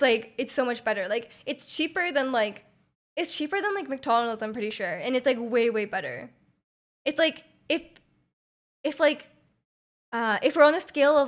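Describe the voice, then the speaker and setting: A woman's voice: on the high side, a bit bright. Chatty Canadian woman streamer. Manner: chatty, many fillers and restarts, laughs often. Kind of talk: casual chat with viewers. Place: home room.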